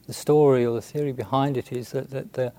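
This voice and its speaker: A man, a Buddhist monk, telling a story in a halting, unhurried way with many restarts and fillers. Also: medium pitch, steady tone, dark tone. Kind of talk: storytelling talk.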